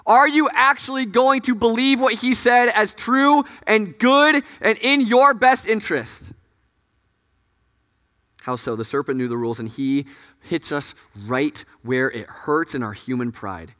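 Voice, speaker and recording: A man preaches in an earnest, conversational way, often sinking to a hush. His voice is bright and fairly high. It carries through a large, reverberant hall. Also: lively intonation, measured pace. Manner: earnest, conversational preaching, dropping to hushed tones. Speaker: pastor. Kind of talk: sermon. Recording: echoey hall.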